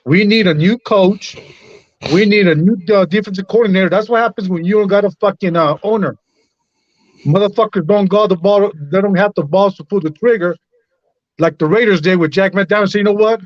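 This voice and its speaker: A man's voice: sits high, a little fast, no room sound, lo-fi sound. A man co-hosting a livestream who talks bluntly and profanely in casual chat. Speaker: livestream co-host. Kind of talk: profane casual sports rant.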